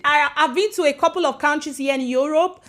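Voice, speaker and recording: Hosting a casual livestream from her home in Sweden, a woman from Africa chats away, greeting viewers by name. Her voice sits high and a bit bright, she talks a little fast, and she switches between English and Swedish.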